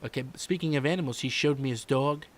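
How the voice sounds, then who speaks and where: A man's voice: medium pitch, fast talker, lightly acted. A man doing a rambling, boastful older politician. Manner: rambling, repetitive, trails off quietly on "folks" and "okay". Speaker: podcast host doing an impression. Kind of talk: comedic political impression monologue.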